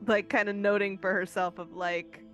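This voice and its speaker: A woman's voice: mid-range voice, level tone, moderate pace, fairly bright tone, muffled recording, faint music behind. A woman playing a tabletop game who talks through her character's actions in a thoughtful, hesitant way. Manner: thoughtful, hesitant, lots of fillers. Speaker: player. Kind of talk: tabletop role-play chat.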